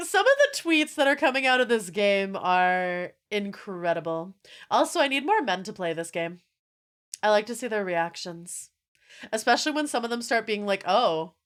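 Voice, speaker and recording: Young woman streamer chatting w/ chat, super animated, swears a lot, kinda high voice that jumps all over. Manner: animated and swearing, with frequent laughter. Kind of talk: casual live-stream chat.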